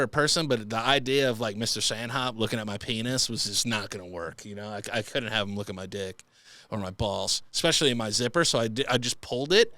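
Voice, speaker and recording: A man's voice: mid-range voice, a bit bright, dry recording, clean studio sound. A young man hosting a comedy podcast, reading listener stories and riffing crudely, often slipping into silly voices. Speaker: podcast host.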